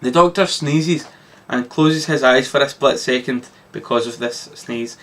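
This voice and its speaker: A man reading his own story aloud, with lively narration and occasional slips. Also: mid-range voice, measured pace.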